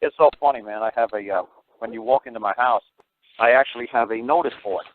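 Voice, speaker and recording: Fast-talking blunt man on a tinny line. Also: mid-range voice, no room sound. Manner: blunt, profane, rapid storytelling. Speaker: host. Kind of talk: casual storytelling on a call-in show. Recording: tinny phone-line audio.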